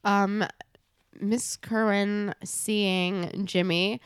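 A woman chatting on a podcast about a TV show, with animated, self-correcting asides. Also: mid-range voice, drawn-out words, clean tone, no echo, studio quality. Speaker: podcast guest or co-host. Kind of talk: casual chat about a TV show.

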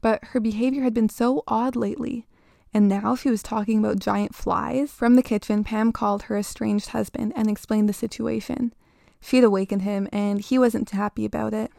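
A woman reading a horror story aloud in a steady, measured way. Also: mid-range voice, creaky, no echo, clean studio sound.

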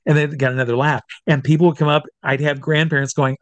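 Animated storytelling man, fairly high voice. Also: fast, no echo, highs cut off. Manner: animated, acts out quotes of others. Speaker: stage hypnotist guest. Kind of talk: storytelling in a conversational interview.

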